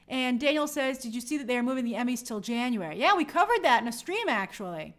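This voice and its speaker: A woman hosting a live stream from her home in New York, reading viewer comments aloud and giving friendly shout-outs in a chatty, apologetic way. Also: sits high, big pitch swings, quick pace, hardly any pauses.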